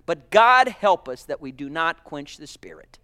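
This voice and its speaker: A man preaching a sermon, fervent, swinging between loud exclamations and hushed asides. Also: fairly high pitch, sing-song, measured pace, smooth.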